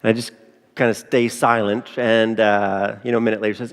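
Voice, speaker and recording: A man's voice: on the low side, flat delivery, fairly quick, clear, resonant tone. A man preaching a sermon as a pastor, in a conversational manner with frequent rhetorical asides to the congregation. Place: church sanctuary. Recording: long church reverb.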